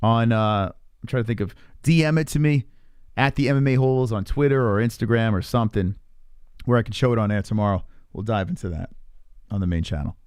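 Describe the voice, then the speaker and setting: A man's voice: fairly low pitch, fairly quick, darkish tone, smooth, no echo. Profane, teasing male streamer, dry sound. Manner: profane, teasing, rambling with restarts. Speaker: live stream host. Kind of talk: casual live stream chat, reading chat.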